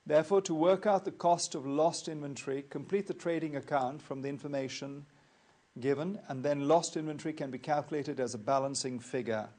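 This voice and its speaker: A man teaching accounting in a recorded lecture, explaining worked examples in a measured, methodical way and repeating key points. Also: a little high, a little mellow. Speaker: accounting tutor.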